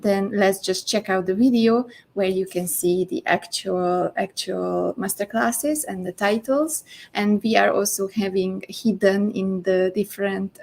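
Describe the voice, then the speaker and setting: A woman hosting a summit, talking in an upbeat promotional way with frequent pauses. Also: mid-range voice, gravelly, darkish tone. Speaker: summit host. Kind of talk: promotional host talk.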